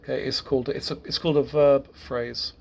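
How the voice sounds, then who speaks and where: A man teaching a grammar lesson to a class, halting, repeating words and correcting himself as he goes. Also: medium pitch, flat delivery, creaky.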